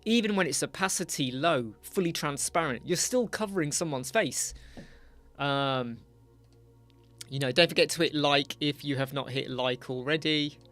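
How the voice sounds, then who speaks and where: A man in his forties chats through a work livestream, ranting about clients in a casual, talkative way. His voice sits a little on the high side for a man. Soft music plays faintly behind him. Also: normal speed. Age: 40s. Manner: chatty, ranting, slips into client impressions. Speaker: web designer livestream host. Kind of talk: casual livestream chat while working.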